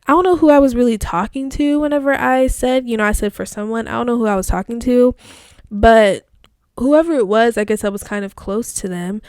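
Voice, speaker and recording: A woman's voice: fairly high pitch, darkish tone, no echo, clean studio sound. A young woman hosting a casual solo podcast, reflecting aloud as she reads her old online posts, talking in a chatty, reflective way full of fillers. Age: young adult. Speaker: podcast host.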